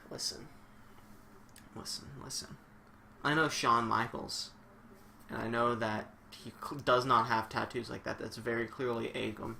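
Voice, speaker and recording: A young man commentating a wrestling video game on a live stream, excitable and swearing a lot, shouting one moment and muttering the next. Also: mid-range voice, moderate pace, vocal fry, slight background noise.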